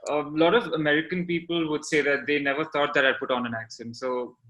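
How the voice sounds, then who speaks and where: Bright-voiced young man from India. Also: fairly high pitch, steady tone, dull audio. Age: young adult. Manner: reflective, measured, hesitant fillers. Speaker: podcast guest. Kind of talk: casual podcast chat.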